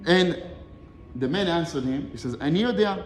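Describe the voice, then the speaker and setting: A man giving a short Torah lesson, telling a Talmud story with lively swings between Hebrew quotes and English explanation. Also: a little high, racing, roomy sound, in a large hall, a little hiss or hum. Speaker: Torah teacher.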